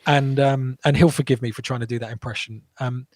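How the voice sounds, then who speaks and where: A man telling stories as an interview guest, animated, with quick restarts, and acting out what people said. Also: mid-range voice, no echo. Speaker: guest entrepreneur. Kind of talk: casual interview storytelling.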